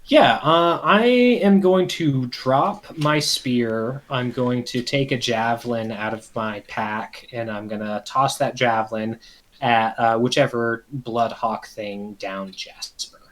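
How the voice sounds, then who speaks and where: A man's voice: mid-range voice, slow pace, fairly bright tone. A man playing a tabletop game, plainly stating his character's actions step by step. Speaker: player. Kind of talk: casual tabletop game chat.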